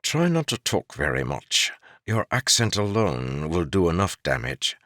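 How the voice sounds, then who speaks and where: A wry court jester who mocks everyone with dry, knowing banter, as a man reading an audiobook puts him on. The voice sits low but swings widely in pitch. The recording is close and dry, with no room sound. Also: big pitch swings, a little slow, a bit bright, dry recording, full character voice. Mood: teasing. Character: wry male court jester, mocking and worldly.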